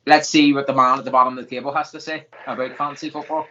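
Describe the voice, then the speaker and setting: A man hosting a casual hobby podcast, jokey and quick to laugh. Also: mid-range voice, flat delivery, sharp tone, slight background noise. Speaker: host. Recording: dull lo-fi sound.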